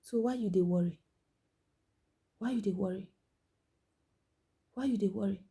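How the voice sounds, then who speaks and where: A woman delivers a motivational monologue in Nigerian Pidgin, her medium-pitched, slightly rough voice moving at normal speed. She exhorts listeners with repeated phrases, swinging between loud emphasis and hushed whispers.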